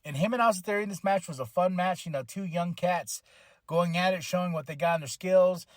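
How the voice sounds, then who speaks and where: A man hosting a podcast, casually recapping a wrestling show, excitable, laughing often, swearing and acting out what people said. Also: high-pitched, brisk, dry recording, clean studio sound. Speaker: podcast host.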